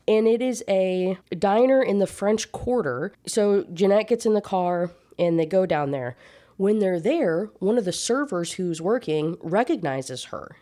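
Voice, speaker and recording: A woman's voice: mid-range voice, warm tone. A young woman reviewing a book in a casual rant, sarcastic and exasperated, swearing freely.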